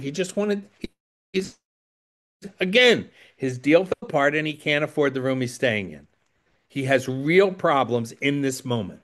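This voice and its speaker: A man giving a rambling storytelling talk to a recovery audience, digressive and self-deprecating with wry asides. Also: a little high. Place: indoors by a window.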